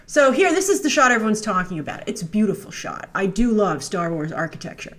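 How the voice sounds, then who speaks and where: A woman's voice: mid-range voice, expressive, a little fast. A woman hosting a casual trailer breakdown, chatty and sarcastic, now and then mocking the characters in made-up voices. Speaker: host.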